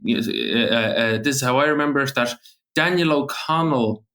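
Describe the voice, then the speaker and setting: A man's voice: medium pitch, moderate pace, a bit bright. A man from the Aran Islands with an Irish accent, a native Irish speaker, talking casually as an interview guest in a rambling, anecdotal way with many fillers and restarts. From Aran Islands, Ireland.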